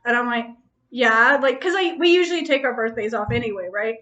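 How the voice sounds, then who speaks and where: Woman host chatting, high voice, keeps laughing and cussing mid story. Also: animated, quick pace, a bit bright. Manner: laughs often while telling a story, swears freely. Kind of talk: casual chat.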